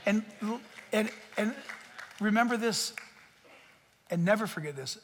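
A man preaching a sermon as a pastor, in an animated, joking way that speaks straight to the crowd. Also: high-pitched, a little slow, slight background noise. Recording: long hall reverb.

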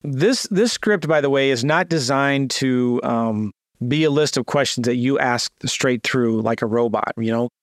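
Guy walking thru a seller call script, casual, pops into eager phone voice, mid pitch, dry close sound. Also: measured pace, dry recording. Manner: acts out phone lines in a lifted, eager voice; fillers and restarts, talks through a script. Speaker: real estate investor teaching sales calls. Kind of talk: screen-share teaching, casual.

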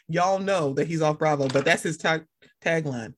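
A young woman co-hosting a casual chat, animated and swearing, acting out other people in loud high voices. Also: measured pace, a little hiss or hum. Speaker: podcast co-host.

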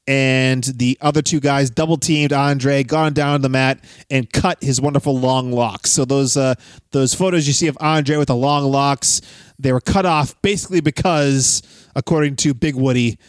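A man's voice: mid-range voice, normal speed, no echo, clean studio sound. A man hosting a casual podcast, chatting and reading listener messages aloud. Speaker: podcast host.

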